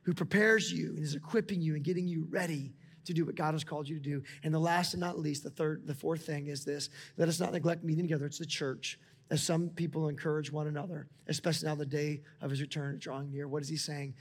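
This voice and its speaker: A man in his forties preaching a sermon as a pastor, talking with passion and rising to near-shouts as he speaks to God aloud. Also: on the high side, fairly even intonation, fast talker, slightly rough. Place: church auditorium. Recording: large hall with long reverb, music beneath.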